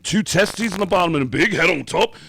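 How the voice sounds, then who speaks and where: A man imitating a friendly rock singer who is astonished, in a loud, high, excited voice. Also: a little fast, creaky, a little hiss or hum, heavily acted. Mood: amused, incredulous.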